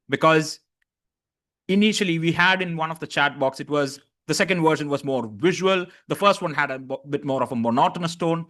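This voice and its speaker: A man's voice: on the high side, a bit bright. A man leading an online master class on voice, demonstrating tones and encouraging participants. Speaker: voice coach.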